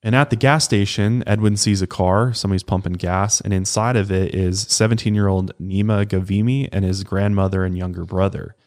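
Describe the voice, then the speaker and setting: A man with a notably deep, low voice talks through a true crime story in a relaxed, casual podcast manner. He tells it conversationally and keeps the flow going like he is chatting with a friend. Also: brisk, hardly any pauses. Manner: casual, conversational retelling with acted quotes. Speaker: podcast co-host.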